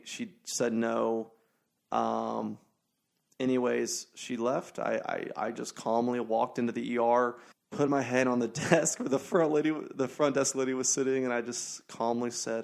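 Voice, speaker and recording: A man's voice: mid-range voice, level tone, moderate pace, creaky, a little mellow. A young man hosting a casual solo podcast, telling stories and talking sports in a rambling, profane way full of fillers. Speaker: podcast host.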